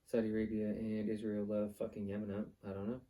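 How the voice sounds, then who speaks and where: A man's voice: lowish voice, completely flat delivery, fast, warm tone. A man, hosting his own vlog and ranting bluntly, swearing often and rambling from one point to the next. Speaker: vlog host. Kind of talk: casual ranting monologue.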